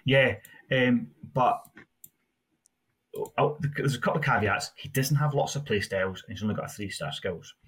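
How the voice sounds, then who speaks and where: A man's voice: medium pitch, moderate pace, fairly bright tone, slightly rough. A man co-hosting a casual gaming podcast, rambling through player stats with frequent restarts. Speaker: podcast co-host.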